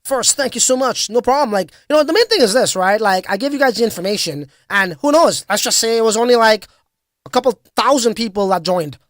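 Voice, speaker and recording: A man's voice: very high voice, expressive, fairly quick, fairly bright tone, no echo, studio quality. Casual, slangy crypto livestream guy. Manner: casual, slangy, hype-driven with frequent fillers. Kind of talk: casual livestream chat reading comments.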